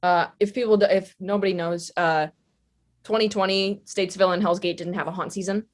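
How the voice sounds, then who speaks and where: A woman's voice: medium pitch, steady tone, a little fast. A young woman telling stories on a podcast in a casual, rambling way, with lots of fillers. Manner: chatty, rambling, many fillers. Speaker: podcast guest. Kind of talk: casual storytelling.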